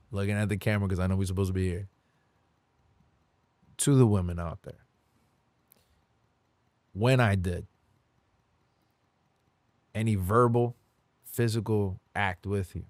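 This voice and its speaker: Earnest low-voiced man confessing. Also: darkish tone, no echo. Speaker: podcast guest. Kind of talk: candid faith conversation.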